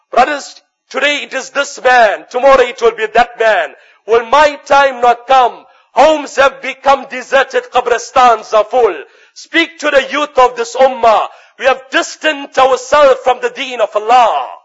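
High-voiced man preaching a fervent sermon. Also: measured pace, a bit bright. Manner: impassioned, chanting Arabic recitation. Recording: dull lo-fi recording.

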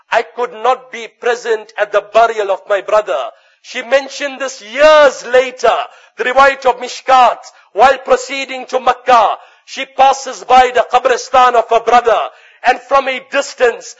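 A man's voice: extremely high pitch, fairly bright tone. A man delivering an impassioned sermon, weaving chanted Arabic recitation into his English. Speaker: preacher. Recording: dull lo-fi recording.

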